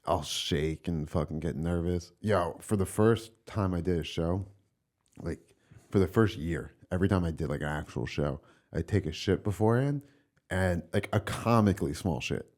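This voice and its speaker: A young man from Long Island talks with a very low, deep voice. He rambles in a laid-back way as a comedian guest on a podcast, scattering fillers and swear words. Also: normal speed, darkish tone. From Long Island, New York. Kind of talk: casual podcast chat.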